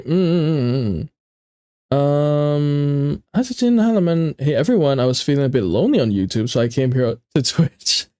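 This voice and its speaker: A young man with a stuffy nose streams casually, chatting playfully with his viewers and often repeating himself. His voice is medium-pitched and mellow, with no room sound.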